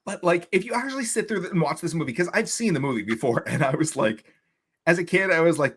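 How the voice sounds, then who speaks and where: A man's voice: a little high, animated, fast, a bit bright, husky. A man from Long Island co-hosting a podcast, telling stories animatedly in casual chat and swearing freely. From Long Island, New York. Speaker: podcast co-host.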